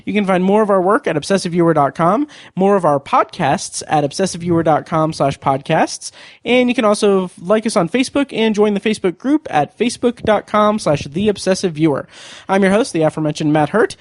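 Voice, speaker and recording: A man hosts a movie podcast in a high, light voice. He talks fast and casually and laughs often. The sound is dry and close, with no room around it. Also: lively intonation, dry recording. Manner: quick, chatty, laughs often. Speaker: podcast host.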